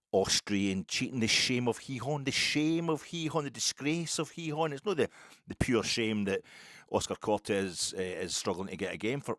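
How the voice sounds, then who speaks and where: A man's voice: on the low side, no echo, studio quality. A Scottish man hosting a football podcast, rambling through casual rants and mock outrage. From Scotland.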